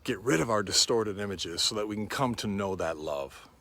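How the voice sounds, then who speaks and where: A man preaching a sermon in a slow, reflective and quietly earnest way. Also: on the low side, lively intonation.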